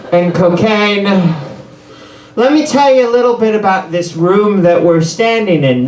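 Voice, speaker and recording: A man doing a rambling, self-deprecating stand-up set in a bar, ad-libbing through the trouble. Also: sits high. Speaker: stand-up comedian. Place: bar comedy room. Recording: echoey room, mic far off.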